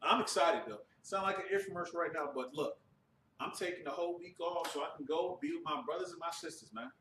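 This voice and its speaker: A man's voice: a little high, fast, fairly bright tone, a little hiss or hum. A man preaching and giving announcements to a religious class, emphatic and often checking that listeners understand. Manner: emphatic, repeats "you understand". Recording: echoey room from a distant mic.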